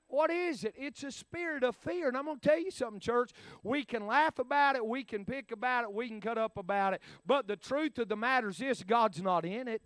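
A middle-aged man preaching a storytelling sermon, folksy and animated, swinging from loud to hushed. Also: high voice, normal speed, clean tone, no echo, clean studio sound.

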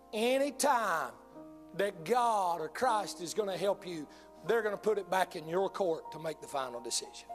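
High-pitched male preacher, fervent sermon delivery, faint music underneath. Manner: impassioned preaching, quotes King James scripture. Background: soft music.

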